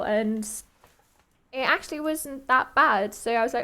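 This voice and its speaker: A young woman caster chatting casually between matches, giggling often and trailing off mid-thought. Her voice sits a little high for a woman. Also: brisk, bright, forceful tone. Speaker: esports caster.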